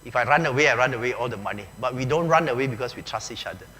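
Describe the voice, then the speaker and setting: Bright-voiced Malaysian pastor, joking. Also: male voice, mid-range voice, rapid-fire. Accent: Malaysian English. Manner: chatty and joking, often says "okay", uses "lah" and "ah". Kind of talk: conversational sermon. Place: large church hall. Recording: echoey hall with faint hum.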